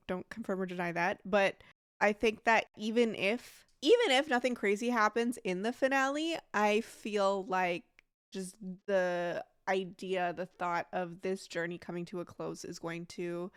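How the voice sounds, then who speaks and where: A woman's voice: medium pitch, clean tone, no echo, clean studio sound. A woman reacting to an anime in a casual vlog, chatty and emotional, with many fillers and restarts.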